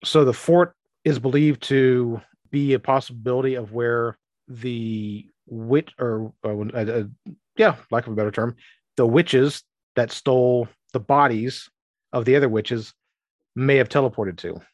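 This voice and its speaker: A man's voice: mid-range voice, fairly even intonation, a little mellow, no echo. A man narrating a tabletop fantasy game as game master, rambling and restarting his sentences. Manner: rambling, restarts often, voices townsfolk in quick asides.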